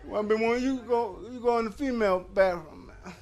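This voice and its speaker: A man's voice: high voice, a little fast, a little mellow, a faint crowd. A man in his fifties doing a stand-up comedy set, telling loose, profane stories full of fillers and restarts. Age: 50s. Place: comedy club stage with a live audience.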